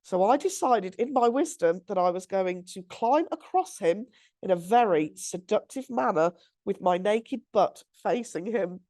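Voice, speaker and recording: A woman's voice: medium pitch, a little slow. Chatty woman reading a story. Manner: chatty, giggly, animated storyteller. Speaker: podcast co-host. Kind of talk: casual chat, reading out a listener story.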